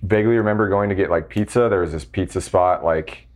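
Deep-voiced young guest, loose rambling delivery. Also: male voice, fast talker. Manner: rambling, heavy use of filler "like". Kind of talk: casual chat.

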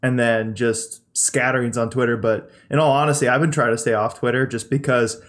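A man co-hosting a casual podcast, talking in halting, filler-heavy sentences. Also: medium pitch, fairly even intonation. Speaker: podcast co-host.

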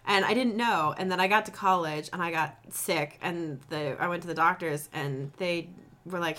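A woman co-hosting a podcast in casual chat, agreeable and quick to laugh, telling stories to the listeners. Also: fairly low pitch, fairly bright tone. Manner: agreeable, laughs often, chatty storyteller. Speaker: podcast co-host.

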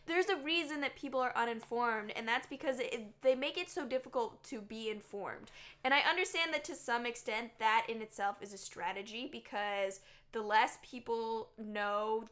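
Bright-voiced sarcastic woman. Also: on the high side, normal speed. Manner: sarcastic, swears, laughs often. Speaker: podcast co-host. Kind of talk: casual political chat.

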